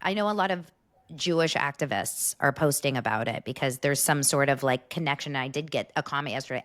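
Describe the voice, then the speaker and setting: A woman co-hosting a podcast in casual chat, rambling and halting with frequent restarts. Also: extremely low pitch, a bit bright. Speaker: podcast co-host.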